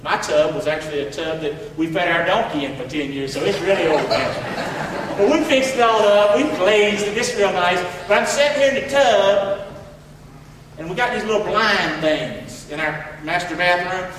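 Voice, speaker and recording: A man's voice: high voice, normal speed, fairly bright tone, recorded from a distance, a little hiss or hum. Fervent preaching man in an echoey hall. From rural area. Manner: fervent, repetitive preaching with rhetorical questions. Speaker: pastor. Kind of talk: sermon.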